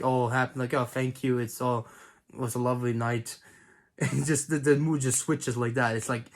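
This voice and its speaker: Rambling young man clearing his throat. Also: medium pitch. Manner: rambling, hesitant, many fillers and restarts, frequent throat clearing. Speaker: video reviewer. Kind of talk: casual spoken review.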